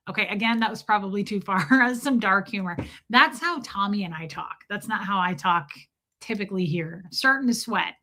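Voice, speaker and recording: Bright-voiced woman streamer, blunt. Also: medium pitch, moderate pace. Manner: blunt, profane, self-mocking. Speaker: livestream host. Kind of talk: casual chat.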